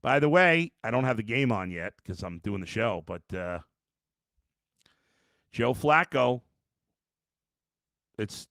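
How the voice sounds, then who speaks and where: Ranting gravelly sports podcast host. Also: male voice, mid-range voice, animated, takes it slowly, pauses often, a bit bright, no echo, clean studio sound. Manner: ranting, exasperated, with many restarts. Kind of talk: post-game sports talk, reading chat.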